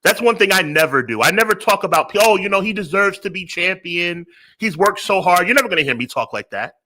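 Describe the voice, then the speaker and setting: Guy doing a cocky heel wrestler bit, ranting high and bright, keeps repeating himself. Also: very animated, quick pace, full character voice, poor audio. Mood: smug ranting. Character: smug arrogant heel wrestler persona, man.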